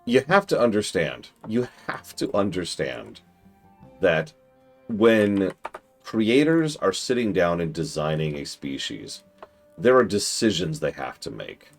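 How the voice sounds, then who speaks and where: A young male streamer with a deep voice that swings widely as he talks. He gives enthusiastic, opinionated game commentary full of rambling asides. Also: very animated, unhurried, soft background music. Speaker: streamer host.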